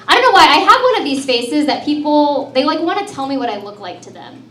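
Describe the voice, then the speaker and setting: A woman's voice: high voice, big pitch swings, quick pace, hardly any pauses, sharp tone. A woman in her thirties doing a breezy, self-mocking stand-up comedy set, peppering her lines with "dude" and "man.". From United States. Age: 30s. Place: comedy club stage. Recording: echoey club from a distance, crowd audible.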